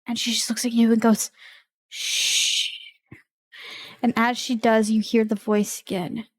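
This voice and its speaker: A woman narrating a tabletop game as game master, describing scenes slowly and voicing characters. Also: fairly high pitch, little pitch movement, a little mellow.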